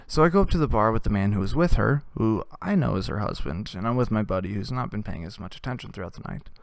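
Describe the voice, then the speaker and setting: A man's voice: lowish voice, animated, fast talker, gravelly, dry recording, studio quality. Crude, rambling male comedian. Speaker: comedy show host. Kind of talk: comedic storytelling monologue.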